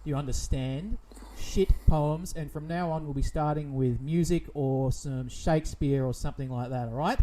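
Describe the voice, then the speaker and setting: A man's voice: mid-range voice, fairly even intonation, moderate pace, few pauses, mellow, slight background noise. A man hosting a comedic radio show in a frantic, theatrical, indignant way. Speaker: radio host.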